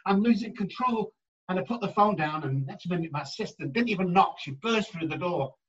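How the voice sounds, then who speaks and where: A man working as an addiction therapist, telling stories in an interview in an emphatic, animated way and acting out the voices he quotes. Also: fairly high pitch, brisk, distant mic, dull audio. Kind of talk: storytelling in a conversational interview.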